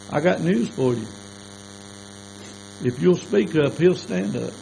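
A man's voice: fairly high pitch, expressive, slow, vocal fry, warm tone, a little hiss or hum, poor audio. An older man, preaching a sermon as a folksy, plainspoken storyteller.

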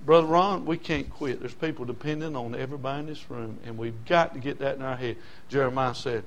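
An older man preaching a sermon, passionate, dropping from hushed storytelling to shouting. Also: medium pitch, brisk, few pauses. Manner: impassioned, swings from hushed to shouting.

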